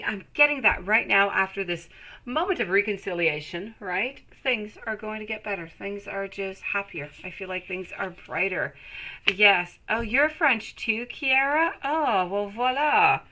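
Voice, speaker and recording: A woman's voice: medium pitch, pushed and bright, rough recording. A woman giving a live-streamed tarot reading, chatting with viewers and calling them sweetie as she reads the cards. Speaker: tarot reader.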